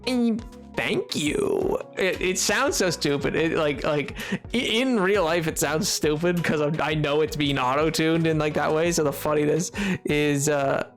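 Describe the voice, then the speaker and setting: A man streaming a game, chatting casually into a desk microphone, excitable, laughing often and bursting into exclamations. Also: a little high, unhurried, soft background music. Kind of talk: casual gaming livestream chat.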